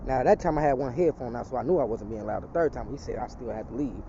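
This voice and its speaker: A man's voice: mid-range voice, fast, dark tone, muffled recording, slight background noise. A man telling a personal testimony in casual street talk, rambling and profane, slipping into an emphatic preaching tone.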